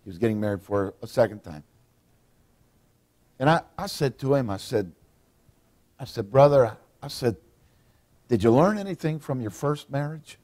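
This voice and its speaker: Lively-voiced man preaching. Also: mid-range voice, normal speed, pauses often. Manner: folksy preaching, acts out quotes. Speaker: pastor. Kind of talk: sermon.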